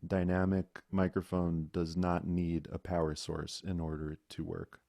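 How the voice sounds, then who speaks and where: A man's voice: low voice, flat delivery, unhurried, gravelly, mellow, no echo, clean studio sound. A man teaching an online class about microphones, explaining patiently and showing how mic distance changes the sound. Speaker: audio instructor. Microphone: microphone close up, video call.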